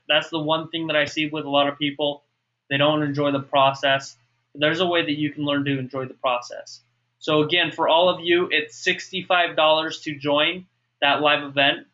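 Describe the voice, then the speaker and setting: A man's voice: on the high side, sharp tone. A man coaching a webinar group on fitness and mindset, upbeat, often checking for questions. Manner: upbeat, repeats okay and asks for questions. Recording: muffled lo-fi webinar audio.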